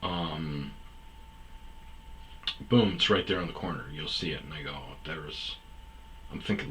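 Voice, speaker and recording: A man's voice: very deep voice, moderate pace, pauses often, sharp tone, slight background noise, low-quality recording. A man telling a long personal story in a rambling, casual way, full of fillers and quoted back-and-forth. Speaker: podcast host telling stories.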